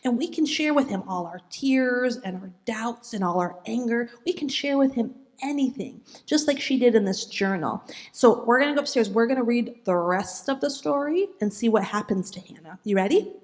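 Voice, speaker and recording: A woman giving a children's sermon in a church, speaking gently and asking the kids questions as she tells the story. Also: fairly high pitch, lively intonation, moderate pace, hardly any pauses. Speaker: children's message leader.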